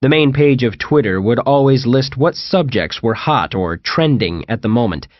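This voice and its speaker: A man's voice: mid-range voice, lively intonation, normal speed, no room sound, highs cut off. A man narrating a first-person comic horror audiobook in a wry storytelling manner. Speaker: audiobook reader.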